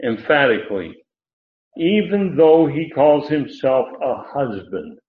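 A man teaching the Bible verse by verse in a halting way, with many fillers and restarts, leaning hard on emphatic words. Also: medium pitch, sing-song. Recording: echoey room on a tinny phone-like line.

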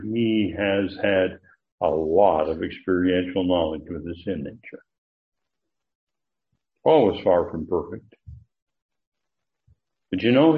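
A man teaching a verse-by-verse Greek Bible lesson, deliberate, with frequent fillers and emphatic rises. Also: lowish voice. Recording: dull lo-fi recording.

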